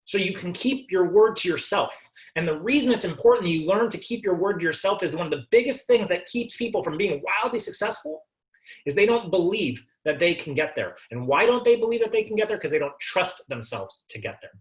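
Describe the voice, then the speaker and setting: A man's voice: sits high, expressive, fairly quick. A man giving a motivational talk to a business team, emphatic and repeating his key phrases.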